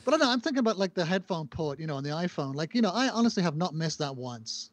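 A man's voice: on the high side, very animated, very fast. A man co-hosting a casual tech chat, upbeat and teasing, with lots of fillers. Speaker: podcast co-host.

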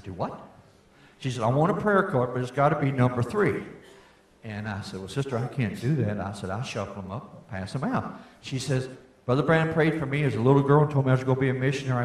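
An older man giving a folksy testimony sermon, rising to fervent shouts. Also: medium pitch. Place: church meeting hall. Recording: echoey hall.

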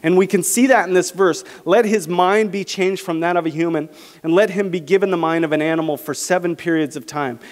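A man with a fairly high voice preaches a sermon, slowing down to lean into each scripture phrase. His voice rings through a church sanctuary with a long reverb tail. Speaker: pastor.

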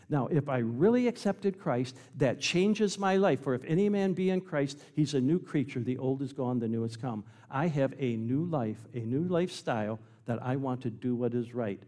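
A man preaching a sermon as pastor, emphatic, swinging between loud passages and quiet ones. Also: mid-range voice, animated, normal speed, long reverb tail. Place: church sanctuary.

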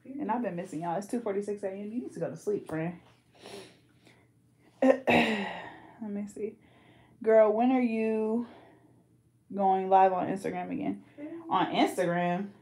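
A woman's voice: medium pitch, a little slow, long pauses, dark tone. A young woman from the Bay Area talks in a loose, slangy way on a livestream and reads viewer comments aloud as she works on a client's hair. She is pregnant. Her voice sits in a middle range and bounces around an echoey room. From California, Bay Area. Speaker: hairstylist and livestream host. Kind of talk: casual livestream chat.

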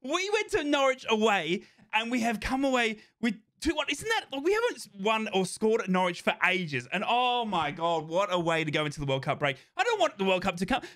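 A young man reacting live to a football match, talking nervously to the game and breaking into excited cheering. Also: high voice, brisk, few pauses. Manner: excitable, anxious then euphoric, talks to the match.

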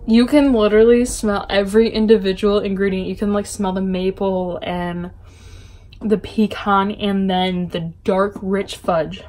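A woman excitedly unboxing a package in her bedroom for a casual book vlog, gushing and chatty. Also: medium pitch, measured pace. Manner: gushing, chatty, full of little gasps and exclamations. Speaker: book vlogger.

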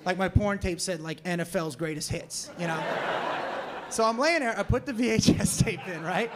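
Male stand-up, brash and profane, high voice, noisy club mic. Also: lively intonation, moderate pace. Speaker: stand-up comedian. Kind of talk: live stand-up comedy. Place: comedy club stage in New York. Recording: noisy live club recording.

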